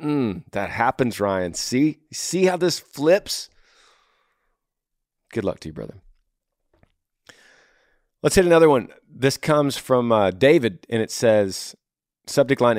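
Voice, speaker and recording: A man's voice: mid-range voice, lively intonation, slow, long pauses, no room sound, studio quality. A man hosting an advice podcast who talks in a blunt, earnest, emphatic way. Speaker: podcast host.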